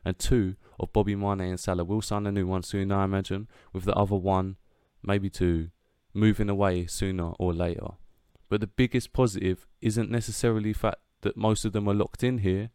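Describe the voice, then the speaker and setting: A man's voice: lowish voice, level tone, normal speed, mellow, clear, resonant tone, dry recording, studio quality. A young man giving casual, brash football fan commentary, swearing and chanting hype.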